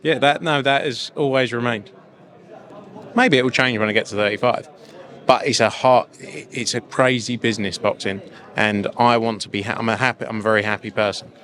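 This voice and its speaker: A man's voice: mid-range voice, normal speed, a bit bright. A man in his thirties who works in boxing promotion, chatting in an easygoing, self-deprecating way. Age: 30s. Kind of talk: casual interview chat.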